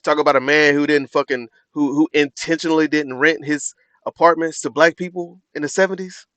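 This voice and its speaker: Male reaction streamer, blunt and slangy, slightly higher pitch, dry close mic. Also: steady tone, a little fast, fairly bright tone, no echo. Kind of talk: live reaction commentary.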